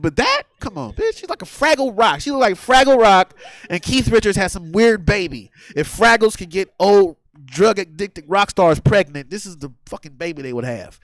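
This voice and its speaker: A man with a high voice tells a crude, animated stand-up story, laughing as he goes. The sound is dry and close on the mic. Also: dry recording. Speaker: stand-up comedian. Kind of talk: stand-up set. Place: comedy theater stage.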